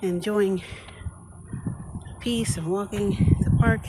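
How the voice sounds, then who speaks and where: A woman walking in a park, a little out of breath, offering gentle, prayerful blessings to her viewers. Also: medium pitch, steady tone, slow pace. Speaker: vlogger. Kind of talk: prayerful outdoor vlog. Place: outdoors in a park. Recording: loud outdoor noise.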